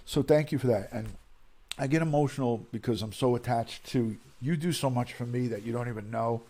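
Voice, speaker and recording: A man hosting a live stream, reading viewers' condolence emails aloud in a slow, emotional, halting way. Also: medium pitch, dark tone.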